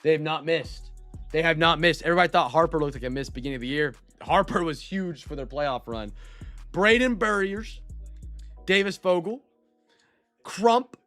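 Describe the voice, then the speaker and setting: Man, card break host, casual live-stream chat, rambling, slightly high voice, faint background music. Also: moderate pace, bright, forceful tone. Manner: chatty, rambling, reads out player names and chats with viewers.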